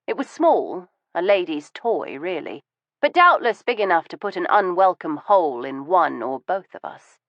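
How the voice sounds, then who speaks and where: A woman narrating a novel in first person, in a measured, even storytelling voice. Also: fairly low pitch, dry recording, highs cut off. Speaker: audiobook narrator.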